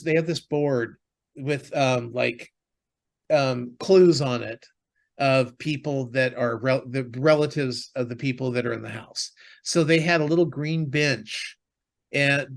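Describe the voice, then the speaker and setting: A man co-hosting a podcast, chatting casually about TV shows and movies, rambling with lots of fillers and restarts. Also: on the high side. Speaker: podcast co-host.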